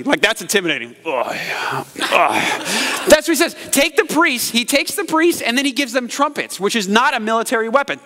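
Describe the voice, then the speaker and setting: A man preaching a sermon as pastor, jokey and animated, acting out yells and voices. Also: very high-pitched, a little fast. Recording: hall reverb.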